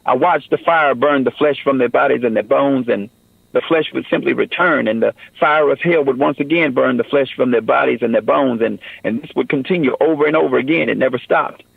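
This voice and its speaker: A man's voice: medium pitch, fairly quick, vocal fry, husky, dry recording, phone-quality sound. A man giving an earnest personal testimony in a radio interview, often saying "man" and "you know".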